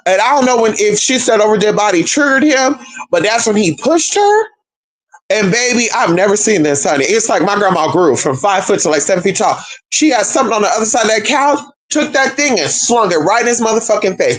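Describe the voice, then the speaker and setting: Animated, sassy storyteller man, high and lively. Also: brisk, poor audio. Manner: animated, profane, sassy, calls listeners girl and honey. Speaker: spiritual content creator. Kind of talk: casual storytelling to viewers.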